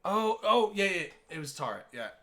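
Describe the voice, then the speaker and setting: A man's voice: sits high, sing-song, moderate pace, pushed and bright. A man chatting casually as a podcast co-host, rambling and laughing at himself. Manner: rambling, laughs easily, self-deprecating. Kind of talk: casual chat.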